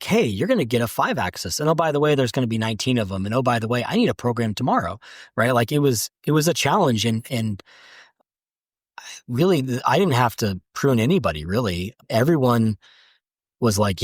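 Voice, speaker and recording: A man's voice: lowish voice, no echo. Man, podcast guest, candid storyteller, dry close sound. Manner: candid storytelling, acts out quotes. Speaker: manufacturing director, guest. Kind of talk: casual interview talk.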